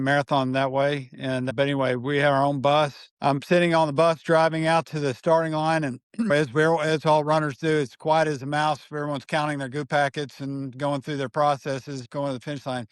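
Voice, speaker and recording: A man in his sixties tells a story as a podcast guest, his voice sitting a little high for a man. He is recorded close and dry, with no room sound. He brings the story alive by acting out the people in it. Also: no echo. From Dallas area, Texas. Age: 60s. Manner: animated storyteller acting out quoted dialogue. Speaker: guest, marathon runner and physician.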